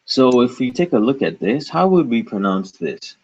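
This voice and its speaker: A man teaching a patient pronunciation lesson, repeating each word slowly and asking questions to guide the learner. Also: medium pitch, big pitch swings, a little mellow, slightly rough, dull audio. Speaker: language teacher.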